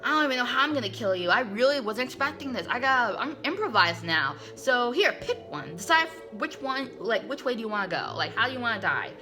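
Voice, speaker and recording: A woman's voice: on the high side, big pitch swings, brisk, few pauses. A woman voicing a volatile young male captor who talks in a mocking, casually cruel way. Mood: menacing.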